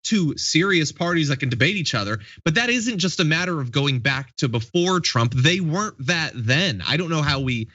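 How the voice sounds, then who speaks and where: A man's voice: on the high side, expressive, moderate pace, hardly any pauses, sharp tone, no echo, highs cut off. A man in his thirties hosting a political talk show, thoughtful and wry, asking questions and reasoning aloud. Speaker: show host.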